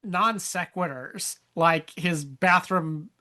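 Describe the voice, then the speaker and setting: Podcast host, slow talker, bright tone, casual chat, relaxed asides. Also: medium pitch. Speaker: podcast host asking the questions.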